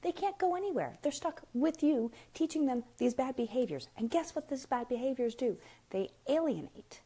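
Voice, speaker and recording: A woman's voice: sits high, expressive, normal speed, dark tone, breathy edge. Blunt woman talking parenting on a live stream. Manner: emphatic, full of rhetorical questions; frank and blunt, addresses viewers directly. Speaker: parenting speaker. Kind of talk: casual live-stream talk.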